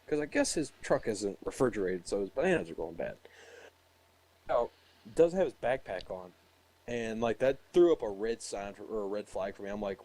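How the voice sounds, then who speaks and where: A man's voice: fairly low pitch, normal speed, a little mellow, poor audio. A young man casually telling a rambling, profane story about a military checkpoint, laughing as he goes. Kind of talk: casual chat.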